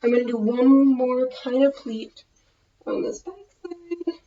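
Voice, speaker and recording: A woman with a Minnesotan American accent talks casually through a tutorial, her voice sitting a little high. She rambles, loses her thread and corrects herself mid-sentence. The sound is dull and lo-fi, like a basic home video. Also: measured pace, warm tone. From United States. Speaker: vlogger.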